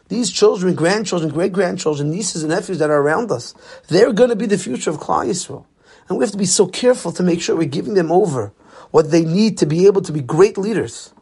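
A man's voice: high-pitched, a little mellow, husky. A man giving a sermon as a rabbi, telling stories and using Yiddish and Hebrew terms.

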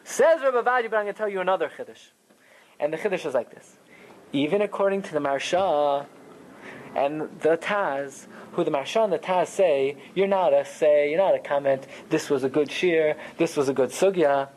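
A man giving a Talmud class lecture, explaining rulings in a conversational, animated way. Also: a little high, normal speed, a little hiss or hum, poor audio. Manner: animated, conversational explaining with Hebrew and Yiddish terms. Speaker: Torah teacher.

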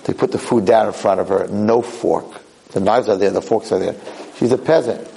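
A man giving a lecture, telling a parable in an animated, conversational way. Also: lowish voice, normal speed, vocal fry, poor audio. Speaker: Torah lecturer. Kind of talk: storytelling lecture.

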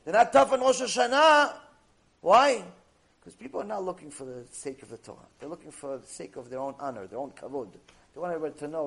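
A man with a fairly high, husky voice delivers a Torah lecture. He drives his points home with emphatic, repeated rhetorical phrases. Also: big pitch swings, a little fast, a bit bright. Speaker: Torah teacher.

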